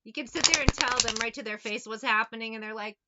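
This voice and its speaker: A woman's voice: a little high, fast talker, very noisy. A woman giving a casual tarot reading, sassy and profane, who drifts off on tangents. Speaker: tarot reader.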